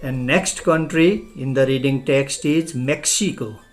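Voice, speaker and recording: A man's voice: mid-range voice, unhurried, slight background noise. A man from Nepal with a Nepali accent teaching an English lesson, spelling words out letter by letter in a methodical way. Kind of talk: spoken language lesson.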